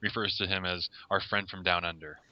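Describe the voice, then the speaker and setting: Guy guest reviewer, lowish voice, calmly explaining stuff, dull lo-fi audio. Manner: measured, explanatory, summarizing plots. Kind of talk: casual interview. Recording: lo-fi podcast recording.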